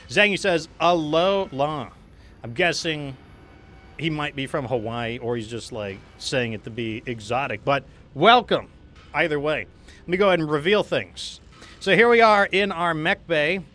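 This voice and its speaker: A man's voice: a little high, bright, forceful tone, slight background noise. A man hosting a live game stream, chatting casually in a rambling way, reading out viewer messages. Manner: rambling, many fillers and restarts, reads chat aloud. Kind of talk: casual live-stream chat while gaming.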